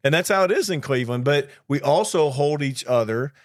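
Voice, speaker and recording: Animated man telling a cabin story. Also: on the high side, a little fast. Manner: animated storyteller acting out quoted exchanges. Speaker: podcast co-host, flight attendant. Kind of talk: casual storytelling chat.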